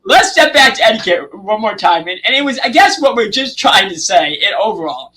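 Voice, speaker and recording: Bright-voiced man telling stories, emphatic. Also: high voice, expressive, low-quality recording. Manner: storytelling, drawn-out emphasis, frequent "okay?". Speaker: podcast co-host. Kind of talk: casual podcast chat.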